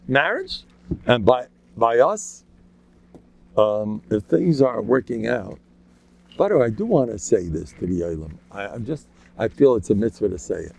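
Lively, gravelly man giving a joking talk. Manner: animated, joking, acts out quotes in sudden high voices. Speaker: religious lecturer. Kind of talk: informal Torah talk. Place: local community gathering.

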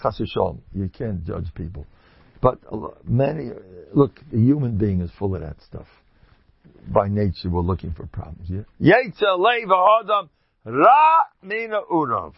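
Gravelly-voiced man giving a joking religious talk. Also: dry recording. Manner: humorous, self-mocking, with sudden high exclamations. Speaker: religious speaker. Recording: dull, dry lo-fi recording.

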